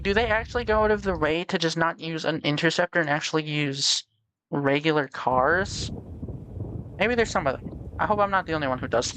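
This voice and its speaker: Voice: mid-range voice, fairly bright tone, a little hiss or hum. Tired rambling streamer. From Canada. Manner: rambling, trailing off, hesitant. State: tired, sleepy. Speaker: game streamer. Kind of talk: casual live-stream chat.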